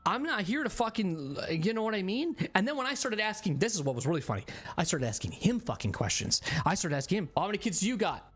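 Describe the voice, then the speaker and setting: A man streaming a game who rants to his viewers in casual chat, swearing often and rambling through an animated story. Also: high voice, quick pace, hardly any pauses, husky.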